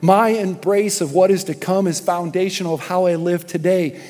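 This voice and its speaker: A man preaching a sermon as pastor, impassioned, swinging from shouts down to quiet, probing questions. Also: high voice, steady tone, normal speed. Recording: music and long hall reverb.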